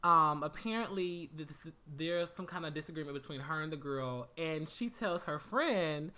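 Very bright-voiced man telling a story. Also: a little high, moderate pace. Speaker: podcast co-host. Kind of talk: casual podcast chat.

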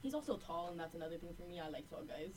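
A woman's voice: fairly low pitch, expressive, racing, a little hiss or hum. A young woman in casual chat, rambling with many "like" fillers. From Puerto Rican family.

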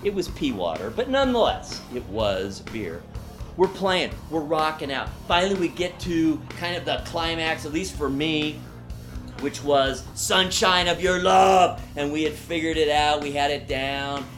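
Animated middle-aged man telling a story. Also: unhurried, over music. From Ohio, USA. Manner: vivid, animated retelling with sharp rises in pitch and loudness. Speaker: storyteller guest. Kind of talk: dramatic personal storytelling.

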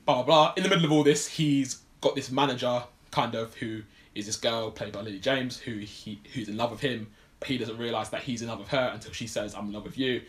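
A man's voice: medium pitch, fairly even intonation, fairly quick. A man casually recapping a film plot on a podcast, rambling with lots of fillers. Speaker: podcast co-host. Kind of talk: casual film review chat.

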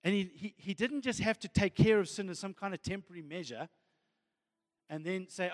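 A man with a notably high voice preaches with fervour, leaning on "friends" and "amen" as he presses his point. His words ring out with a long reverb trailing behind them, as in a big hall. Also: a little fast. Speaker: pastor. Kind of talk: sermon.

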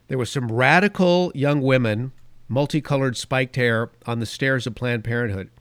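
Middle-aged male podcaster, emphatic and tangent-prone, mid-pitched, dry close sound. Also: dry recording. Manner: rambling, emphatic, goes off on tangents. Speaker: podcast and radio host. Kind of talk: opinion podcast commentary.

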